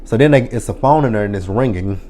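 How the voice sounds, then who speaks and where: Man, lowish voice, mellow tone, casual profane show recap, lots of fillers. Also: expressive, quick pace, a little hiss or hum. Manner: profane, chatty retelling with many fillers. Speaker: TV episode reviewer.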